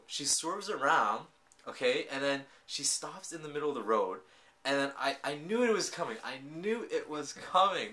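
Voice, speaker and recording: A man casually recapping and reviewing a TV drama, telling the story in an animated way full of filler words. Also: fairly high pitch.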